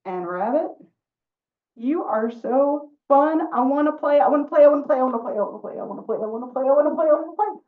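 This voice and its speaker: A woman voicing an overjoyed, excitable dog with a folksy drawl, loud and drawn-out. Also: a little high, lightly acted. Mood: gushing. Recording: distant phone-like sound.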